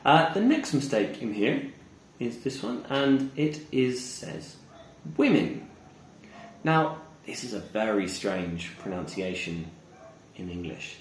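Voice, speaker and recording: A man teaching English pronunciation, slowly modeling words and repeating examples. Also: on the low side, very animated, a little hiss or hum. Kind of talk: pronunciation lesson. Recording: echoey room with faint ambience.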